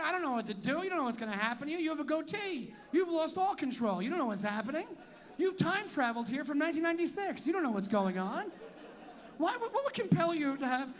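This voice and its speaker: A man's voice: extremely high pitch, a bit bright. A man doing profane stand-up crowd work, teasing audience members in a tent venue. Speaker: stand-up comedian.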